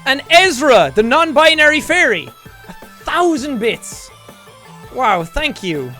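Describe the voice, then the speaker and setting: A man hosting a casual livestream, chatting in a jokey, excitable way, with bursts of shouting and laughter. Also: very high voice, takes it slowly. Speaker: livestream host. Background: faint background music.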